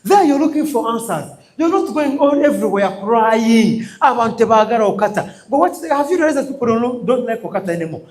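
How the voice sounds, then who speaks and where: A man's voice: very high voice, very animated, a little fast, hardly any pauses, darkish tone. A man with a Ugandan accent giving a motivational business training talk, emphatic and repetitive, calling out questions for the audience to answer. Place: training session before a live audience.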